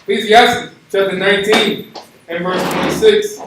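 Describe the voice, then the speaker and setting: Really high voiced guy reading the bible slow, sounds far off in an echoey room. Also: fairly even intonation, noisy background. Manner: slow, careful reading aloud. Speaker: scripture reader. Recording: echoey, distant from mic.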